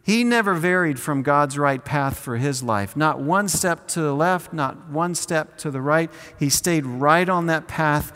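A man preaching a sermon in an earnest way, slowing down on key phrases and leading the congregation to repeat lines after him. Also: on the high side, fairly bright tone, big-room sound. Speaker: pastor.

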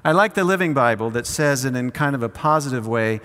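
A man preaching a sermon, leading the congregation through call-and-response scripture reading with slow, drawn-out emphasis. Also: mid-range voice, animated, a bit bright. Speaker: pastor. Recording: long hall reverb.

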